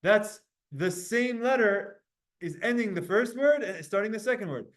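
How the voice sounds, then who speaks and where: A man teaching a live Talmud class, slowly sounding out Hebrew phrases word by word to his students. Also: sits high. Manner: animated, drawn-out recitation of Hebrew phrases.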